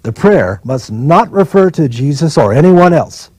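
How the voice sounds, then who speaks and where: A man's voice: fairly high pitch, big pitch swings, a little slow, darkish tone, slightly rough, dry recording, full character voice. A man reading as a stern federal judge.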